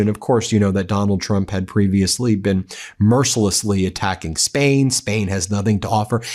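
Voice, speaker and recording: A man's voice: fairly low pitch, moderate pace, darkish tone. A man hosting casual political commentary over clips, mocking and blunt, often stumbling over repeated words.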